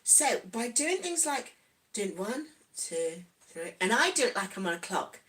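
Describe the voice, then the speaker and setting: Woman, East Midlands accent, high-pitched, chatty, giggly, casual livestream. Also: big pitch swings, unhurried, a bit bright. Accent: East Midlands English. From Nottingham, England. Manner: chatty, giggly, reads out viewer comments. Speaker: vlogger.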